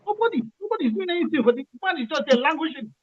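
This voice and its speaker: A man's voice: very high-pitched, expressive, rapid-fire, phone-quality sound, crowd noise. A Nigerian man calling in to a radio discussion, impassioned and repeating himself, restarting phrases as he argues. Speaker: caller.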